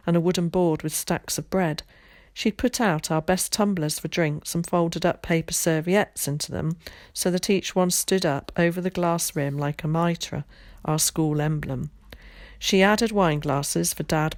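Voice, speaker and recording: A woman teacher reading a children's novel aloud, with clear, measured storytelling. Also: lowish voice, darkish tone, dry recording, studio quality. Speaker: primary school teacher.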